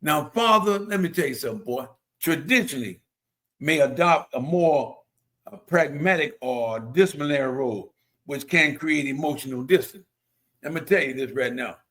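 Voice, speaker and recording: A man with a medium-pitched, fairly bright voice hosts a casual motivational talk. He's earnest and preachy and tends to repeat himself.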